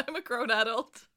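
A woman's voice: on the high side, bright, forceful tone, a little hiss or hum. A woman co-hosting a casual podcast chat, giggly and self-deprecating as she runs the segment. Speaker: podcast co-host.

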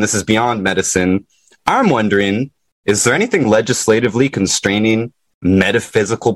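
Man, podcast host, lowish voice, dry close sound, animated and laughing. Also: dry recording. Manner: animated, laughs often, quick bursts. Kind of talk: casual interview chat.

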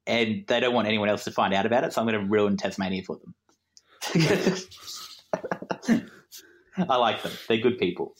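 A man's voice: lowish voice, lively intonation, normal speed, pauses often. A young Australian man, a podcast guest telling a rambling, self-deprecating story with frequent laughs and asides. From Queensland, Australia. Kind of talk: casual conversational storytelling.

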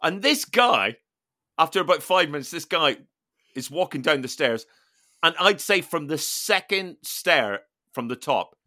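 A man hosting a podcast, telling a funny story in casual chat with animated, laughing delivery. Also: a little high, unhurried, dry recording, clean studio sound. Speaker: podcast host.

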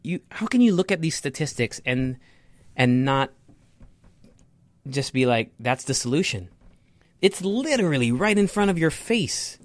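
A man's voice: fairly high pitch, very animated, unhurried, long pauses, dry recording. A young man giving a heated, profane opinion rant to his viewers, often stumbling and repeating words. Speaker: vlogger. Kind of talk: casual opinion rant to camera.

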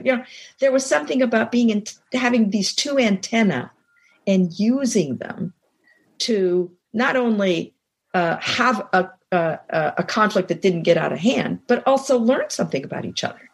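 A woman's voice: mid-range voice, lively intonation, normal speed, slightly rough. An older woman, a podcast guest, telling a personal story in a reflective way and acting out bits of dialogue. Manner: reflective, acts out quoted dialogue. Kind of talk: storytelling in casual chat.

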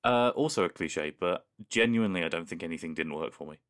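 Low-voiced enthusiastic man co-host. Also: fast talker, fairly bright tone. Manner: enthusiastic, conversational, hedging. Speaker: podcast co-host. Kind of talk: casual chat.

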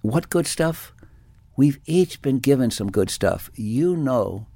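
A man's voice: mid-range voice, lively intonation, slow pace, mellow, no room sound, studio quality. A man giving a reflective spiritual talk, telling personal stories with many restarts and fillers. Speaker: spiritual teacher.

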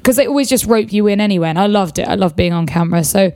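A woman's voice: mid-range voice, very fast, mellow, no room sound, studio quality. A woman talking as a podcast guest, blunt and sweary, laughing often. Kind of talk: casual podcast chat.

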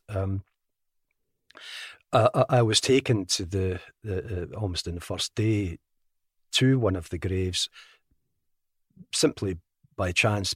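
An older Glaswegian man with a very low, deep voice speaks as an interview guest. He recounts things in a measured, matter-of-fact manner. The sound is close and dry, with no room echo. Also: a bit bright. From Scotland. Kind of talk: podcast interview.

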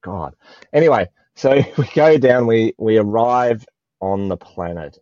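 Australian man, low-pitched, dark mellow tone, emotional, groping for words, dull dry audio. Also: lively intonation, unhurried, no room sound. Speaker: guest. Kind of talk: spiritual conversation.

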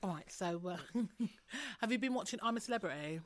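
A woman's voice: medium pitch, lively intonation, moderate pace, no room sound. A young woman, chatting casually and teasing with a laugh. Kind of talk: casual chat.

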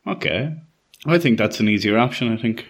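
A man's voice: lowish voice, animated, a little fast. A man co-hosting a podcast, chatting casually, swearing freely and laughing at his own jokes. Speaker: podcast co-host. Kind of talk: casual chat.

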